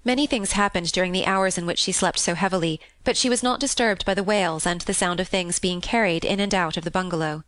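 A woman reading a classic children's novel aloud in a calm, steady and expressive narration. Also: on the low side, a little fast, few pauses, no room sound. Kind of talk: scripted storybook narration.

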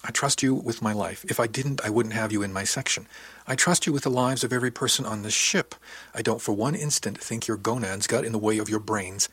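A man reading the part of a calm, wry woman section chief who coaxes and teases gently, in a low, husky voice. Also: fairly quick, no echo. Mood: gently steady. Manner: gentle, steady, teasing.

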